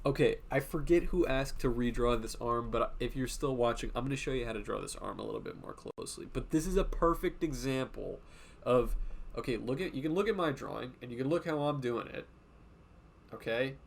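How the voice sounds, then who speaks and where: A man's voice: mid-range voice, fairly quick, creaky. Rambling, profane male art streamer. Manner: rambling and profane, jumping between tangents; animated, often slipping into quoted voices. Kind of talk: casual livestream chat while drawing.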